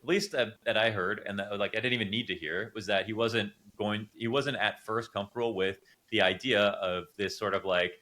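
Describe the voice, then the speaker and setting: A man's voice: fairly low pitch, steady tone, brisk, hardly any pauses, bright, forceful tone. A man from Canada whose English has drifted toward a Swedish-tinged accent, a guest analyst offering tentative, hedged takes in casual podcast talk.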